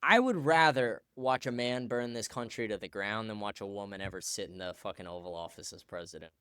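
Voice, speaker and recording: A man's voice: lowish voice, a little fast, fairly bright tone, clear, resonant tone, no room sound, clean studio sound. A man hosting a commentary show, ranting crudely and profanely over clips. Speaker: host.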